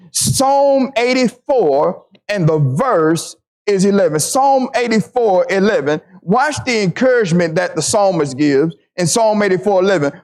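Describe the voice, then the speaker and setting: A man preaching a sermon to his congregation, repeating phrases for emphasis and slowing down to stress scripture. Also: sits high.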